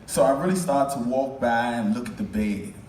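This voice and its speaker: A man telling a funny personal story on stage at a live event, halting and repeating words, self-mocking, recorded in an echoey hall from a distance. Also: mid-range voice, darkish tone. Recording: echoey hall, mic at a distance, faint noise.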